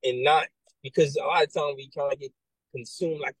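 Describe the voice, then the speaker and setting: A man working as a military recruiter, talking casually and telling animated stories with many restarts and asides. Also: on the high side, fairly quick, slightly rough, no echo, rough recording. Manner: animated storyteller, acts out quoted voices, many restarts and "right?". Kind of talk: casual conversation.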